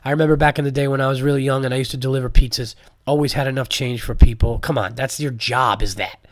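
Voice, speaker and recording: A man's voice: medium pitch, fast talker, dry recording. Profane, congested male comedian podcaster. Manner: animated, profane, rambling with fillers. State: congested from a cold. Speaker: podcast host, stand-up comedian. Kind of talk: casual solo podcast monologue.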